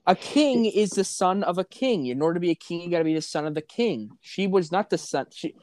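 A man's voice: high-pitched, lively intonation, brisk, darkish tone, dry recording, studio quality. A man hosting a podcast, chatting casually and jokingly, rambling with lots of filler words. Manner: joking, rambling with many likes. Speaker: podcast host.

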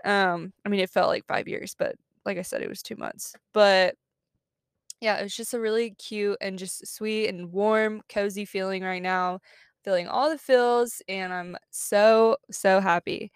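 Chatty young woman with a smooth voice. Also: medium pitch, fairly even intonation, unhurried, no echo, clean studio sound. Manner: chatty, upbeat, lots of fillers and giggles. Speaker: podcast host. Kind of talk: casual chat. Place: parked car.

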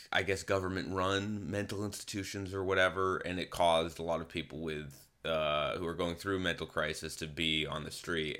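A man's voice: sits low, pushed and bright. A man hosting a podcast, telling a story casually and rambling, often correcting himself mid-sentence. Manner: rambling, self-correcting, candid. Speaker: podcast host. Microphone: phone camera.

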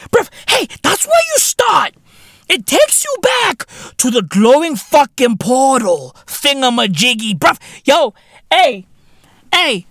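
Rich: An excitable man rants on his podcast, swearing and saying bruv over and over. His pitch swoops widely as he talks slowly and deliberately. The mic sounds close and dry. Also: no room sound. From South Africa. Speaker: podcast host. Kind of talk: ranting monologue.

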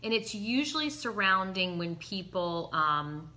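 A woman's voice: mid-range voice, very animated, measured pace, sharp tone. A woman hosting a talk show, agreeable and frank, laughing easily. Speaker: host. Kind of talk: casual talk show chat.

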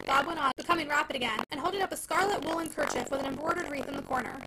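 A woman reads a classic novel aloud in a high voice that rises and falls in wide, animated sweeps. Her tone is heavily gravelly, and loud background noise runs under the whole reading. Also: fast, few pauses. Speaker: audiobook reader.

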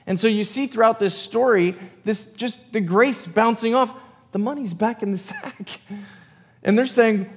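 A man's voice: sits high, lively intonation, moderate pace, long reverb tail. A man preaching a sermon as pastor. He reads scripture aloud and then breaks into loose, conversational asides. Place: church sanctuary.

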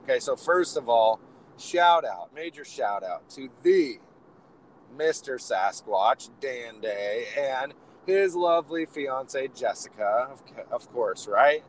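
A man with a hoarse, raspy voice from a sore throat, co-hosting a podcast in casual, joking chat while riding in a car. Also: mid-range voice, animated, takes it slowly, poor audio. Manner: joking, rambling, upbeat. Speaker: podcast co-host. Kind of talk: casual chat on a phone call from the road. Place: inside a moving car. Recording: faint road noise from a car.

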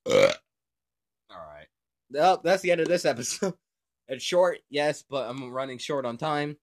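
A man's voice: a little high, expressive, a little slow, pauses often, slight background noise. Giggly young male podcast host. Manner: giggly, joking, rambling. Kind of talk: casual improvised podcast chat.

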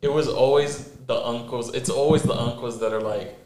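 A man's voice: medium pitch, fairly even intonation, normal speed. A man co-hosting a podcast in casual chat, talking blunt and tough. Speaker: podcast co-host. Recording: roomy echo with crowd noise behind.

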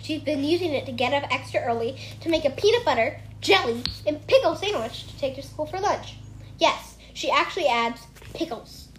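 A young girl reads a diary-style book aloud in a bright, high voice, leaning into the funny lines. She reads eagerly at home, and a faint room noise hums behind her. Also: lively intonation, normal speed, low-quality recording. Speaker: reader.

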